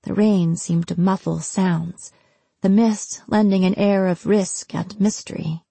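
A woman narrates an audiobook in an even, measured way. Her voice is husky with a gravelly edge. It is recorded dry and close, with no room sound. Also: on the low side, no echo. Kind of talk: scripted narration.

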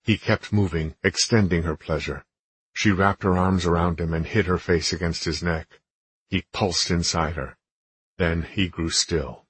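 A man narrating a romance audiobook in a steady, measured reading. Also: deep voice, husky, no echo. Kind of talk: scripted narration.

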